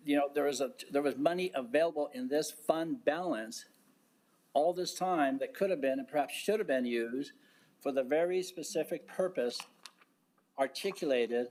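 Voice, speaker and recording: Deliberate man addressing a public board. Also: medium pitch, darkish tone. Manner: deliberate, halting, with frequent fillers and restarts. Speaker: county commissioner. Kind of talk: public meeting remarks. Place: county commission chamber.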